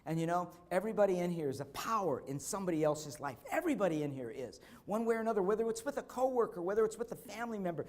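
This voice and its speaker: A middle-aged man giving a motivational conference speech, telling stories earnestly and slowing down for emphasis. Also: high voice, expressive. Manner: storytelling, earnest, slows for emphasis. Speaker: keynote speaker. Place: conference hall.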